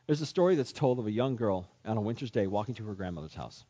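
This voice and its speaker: Husky-voiced man preaching earnestly. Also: on the low side, expressive, fast talker, dark tone. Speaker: pastor. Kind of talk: sermon. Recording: dull lo-fi sermon recording.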